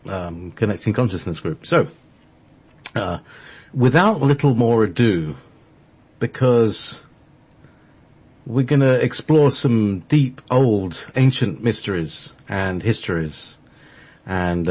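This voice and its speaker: A man's voice: fairly low pitch, slow, darkish tone, husky. A man from Scotland hosting a spiritual internet radio show, chatting casually and rambling with many fillers and restarts. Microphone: online call.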